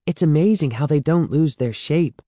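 A man reading aloud and voicing a young girl who speaks in a high, excited, protesting way in a storybook. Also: moderate pace, no room sound, studio quality, close to an everyday voice. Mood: amazed. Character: young girl, eager and defensive.

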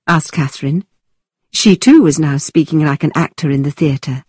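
A woman reading a classic novel aloud in a measured, expressive storytelling manner. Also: sits low, husky, dry recording. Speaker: narrator. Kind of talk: scripted audiobook narration.

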